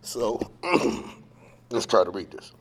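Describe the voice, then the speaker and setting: A man on the verge of tears speaking about a friend, halting, clearing his throat and apologizing as he tries to keep going. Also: on the low side, very animated. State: emotional, fighting back tears. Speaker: poet honoring a friend. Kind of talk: emotional tribute speech.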